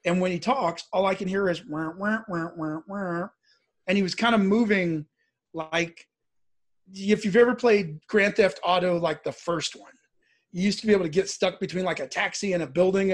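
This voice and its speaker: Fairly quick and relaxed, this casual story comes from a man from the American Midwest recounting something personal. He has a husky, high-for-a-man voice and enlivens things by playing the people involved.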